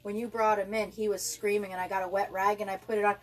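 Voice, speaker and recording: A woman co-hosting a casual chat, telling stories in a chatty, animated way. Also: mid-range voice, fast. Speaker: podcast co-host.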